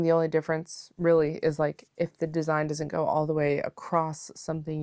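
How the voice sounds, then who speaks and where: Her voice is low, gravelly, and darkish as she casually chats from home as a knitting vlogger. She rambles with lots of filler words and playfully calls her viewers besties, and the sound is clean studio audio without any room sound.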